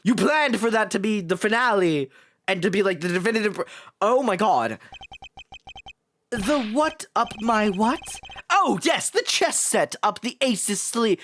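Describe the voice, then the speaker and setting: A woman's voice: on the high side, big pitch swings, slow pace. Ranting, profane young woman streamer. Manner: loud, profane, exasperated ranting with laughter. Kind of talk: live game stream commentary.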